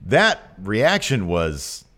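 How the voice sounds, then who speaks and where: Lively man chatting about wrestling. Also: drawn-out words. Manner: animated, acts out quotes with big pitch jumps. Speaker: podcast co-host. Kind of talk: casual wrestling recap chat.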